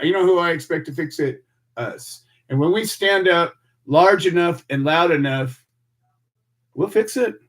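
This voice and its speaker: An American man hosts a radio show and delivers an impassioned monologue. He talks in a fiery, preachy way, stacking rhetorical questions and repeating himself for emphasis. His voice sits a bit high for a man.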